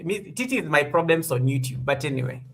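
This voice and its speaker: A man's voice: on the high side, lively intonation, quick pace, gravelly, a bit bright, faint music behind. Upbeat man hosting a livestream. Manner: upbeat, thanks members and reads the chat. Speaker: host. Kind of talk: casual livestream chat.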